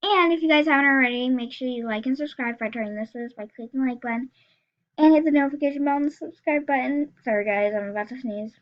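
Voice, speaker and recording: A woman's voice: high-pitched, quick pace. A girl in her teens chatting casually to viewers, rambling with lots of fillers as she reads funny text messages aloud. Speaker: YouTuber. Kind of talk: casual reaction vlog, reading texts aloud. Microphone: screen recorder, built-in mic. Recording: slightly dull lo-fi sound.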